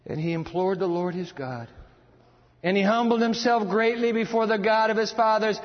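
A male preacher delivering a dramatic sermon, swinging between booming lines and hushed ones. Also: expressive, normal speed. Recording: lo-fi sound in a long-reverb hall.

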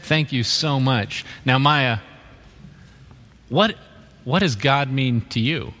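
A man interviewing members of a church community, asking gentle follow-up questions. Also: medium pitch, takes it slowly, long reverb tail.

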